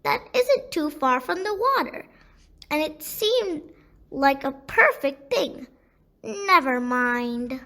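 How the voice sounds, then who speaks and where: A small male toad pleads for a home in a children's storybook, voiced by a woman. His voice sits high and bright, with a plaintive, insistent tone. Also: lively intonation, takes it slowly, heavily acted. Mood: pleading.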